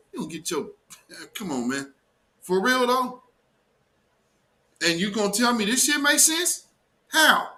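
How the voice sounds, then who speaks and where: Male livestream host, high bright voice, indignant slangy commentary. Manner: emphatic, indignant rant with slang.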